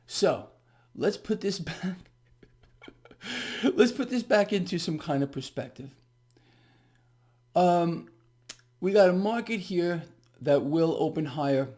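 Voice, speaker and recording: A man's voice: on the high side, a little mellow. A man giving a casual market commentary to viewers, ranting in a sarcastic, profane way and laughing in exasperation.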